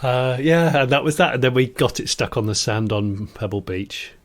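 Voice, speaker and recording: A man from the West Country co-hosts a casual podcast. He talks cheerfully in a middle pitch, laughing often and stumbling over restarts. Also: normal speed. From West Country of England. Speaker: podcast co-host. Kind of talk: casual chat.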